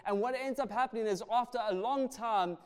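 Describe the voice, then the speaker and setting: A high-pitched man delivers a passionate sermon. His volume swells and falls as he drives each point home. The sound carries the long reverb of a big hall. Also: a little fast, a little mellow, clear, resonant tone. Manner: passionate, rising and falling in volume. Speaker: preacher.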